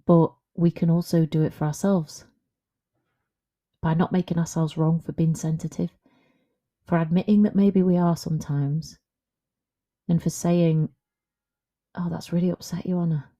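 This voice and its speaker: A woman's voice: deep voice, steady tone, measured pace, long pauses, dark tone. A woman, a confidence coach, talking frankly and conversationally in a solo podcast monologue.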